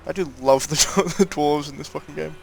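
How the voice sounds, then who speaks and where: A man with a slightly high voice chats loosely through a game playthrough. He swears casually and reads notes aloud. A faint hiss sits behind him. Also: moderate pace, vocal fry. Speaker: game streamer. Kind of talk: casual let's-play commentary.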